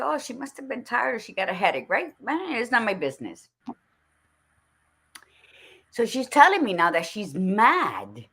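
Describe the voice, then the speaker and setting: Blunt, bright-voiced woman podcast host. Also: a little high. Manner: blunt, swears freely, animated storytelling. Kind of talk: casual conversation.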